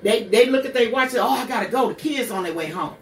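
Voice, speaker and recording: A woman's voice: a little high, expressive, quick pace, reverberant, distant mic. A woman in her sixties hosting a radio show, telling her own hard story bluntly, with curses and rhetorical questions. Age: 60s. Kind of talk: candid personal monologue.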